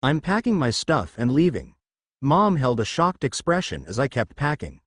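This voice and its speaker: A man's voice: mid-range voice, big pitch swings, moderate pace, husky, no echo, studio quality. A man narrating a first-person fan fiction story and reading every character's lines in his own voice. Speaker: fanfiction narrator.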